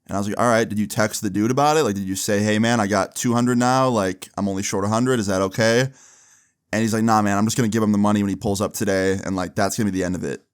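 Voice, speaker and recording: A young man casually telling a long personal story, slangy and animated, acting out both sides of phone calls. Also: lowish voice, fast, clear, resonant tone.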